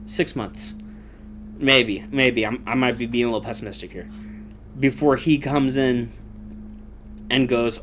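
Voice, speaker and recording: A man's voice: mid-range voice, steady tone, unhurried, long pauses, fairly bright tone, a little hiss or hum. A young man in a casual, profane political rant, rambling with lots of fillers and laughing between points. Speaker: commentator.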